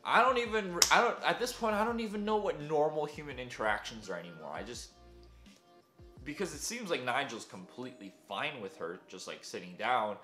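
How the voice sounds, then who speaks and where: Speaking briskly and expressively in a mid-range voice, a young vlogger pokes fun at himself while telling a story full of fillers. Faint music plays in the echoey room around him.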